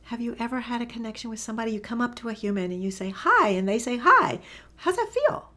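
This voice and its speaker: This woman's voice is on the high side and a little mellow as she teaches animal communication in an easygoing spoken lesson. She's animated and rapid-fire, telling stories eagerly and often sinking into a breathy whisper.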